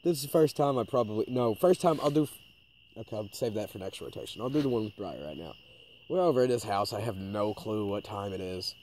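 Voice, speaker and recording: A man's voice: lowish voice, fast. A man co-hosting a podcast, casually telling a ghost story, swearing a lot and acting out the quoted lines. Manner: swearing, animated retelling with quoted voices. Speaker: podcast co-host.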